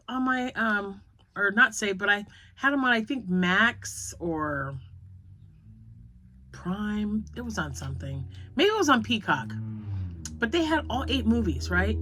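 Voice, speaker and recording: A chatty woman in her fifties talking casually from home to her crochet viewers. She rambles from one story to the next in a mid-pitched voice, often breaking into laughter. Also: pushed and bright, a little hiss or hum. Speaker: crochet vlogger.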